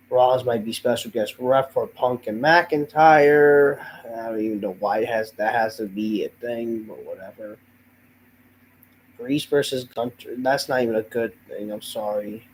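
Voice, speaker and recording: A man's voice: medium pitch, a little slow, a little hiss or hum, rough recording. Fed-up male host, under the weather, profane and sighing through his rant. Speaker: host of a wrestling review show. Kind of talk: ranting show review.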